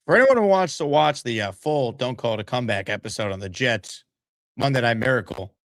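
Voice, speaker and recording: A man hosting a live sports talk stream, energetic and hyping his audience. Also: medium pitch, brisk, no echo, soft background music. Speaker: sports talk show host. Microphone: streaming setup mic.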